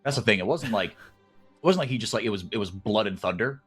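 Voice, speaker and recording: A man calling esports play-by-play, chatty and rambling, who gets loud and excited when fights break out. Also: fairly low pitch, quick pace, breathy edge, faint music behind. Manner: excitable, rises sharply in big fights. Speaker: play-by-play caster.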